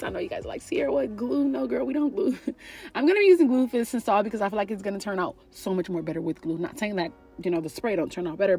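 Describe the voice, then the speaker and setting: A woman's voice: mid-range voice, darkish tone. A woman giving a chatty, sassy hair tutorial straight to her viewers. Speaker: beauty vlogger teaching a wig install. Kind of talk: casual tutorial voice-over.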